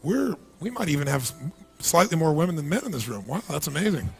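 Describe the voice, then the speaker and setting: A man with a high, lifted voice delivers a live motivational seminar in a large event hall. He is animated and keeps throwing questions straight at the crowd to pull them in. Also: fast, creaky, slight background noise. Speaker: motivational speaker.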